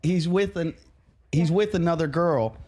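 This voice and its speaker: A man's voice: a little high, a little slow, darkish tone. A man co-hosting a podcast, telling a story in casual chat and laughing often as he goes. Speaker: podcast co-host.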